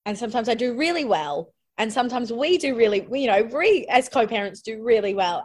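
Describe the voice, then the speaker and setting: A woman, a podcast guest talking candidly and reflectively, often trailing off and starting over. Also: medium pitch. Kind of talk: candid conversational interview.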